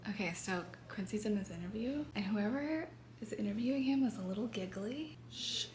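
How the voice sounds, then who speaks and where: A woman vlogger telling a story in animated casual chat, talking straight to her viewers. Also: medium pitch, moderate pace. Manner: animated, chatty, addresses viewers as you guys. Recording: echoey room, faint background noise.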